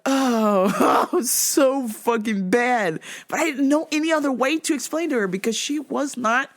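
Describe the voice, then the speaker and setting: A woman's voice: high-pitched, unhurried. A woman hosting a podcast, telling a story casually, laughing often and swearing freely. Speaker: podcast host.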